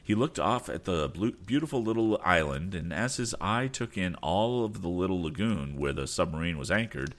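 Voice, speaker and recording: Deep-voiced male storyteller. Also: normal speed, few pauses. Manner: expressive, animated reading. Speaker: audiobook narrator and podcast host. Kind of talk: storybook narration. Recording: faint background music.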